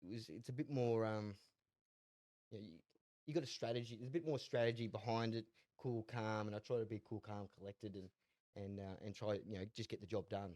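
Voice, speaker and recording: Casting: young Australian bloke, low voice, dry close mic, easygoing yarn-spinner. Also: male voice, fairly quick, a little mellow, dry recording. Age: 20s. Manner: laid-back, rambling, laughs often, repeats words. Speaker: guest, jockey and horse trainer. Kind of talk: casual interview storytelling.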